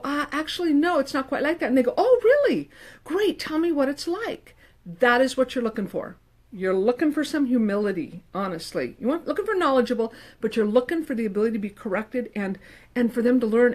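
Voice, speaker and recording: A middle-aged woman counselor talking casually to the camera, animated and emphatic, with playful quoted asides. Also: on the high side, fast. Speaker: licensed professional counselor. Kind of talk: casual advice talk to camera.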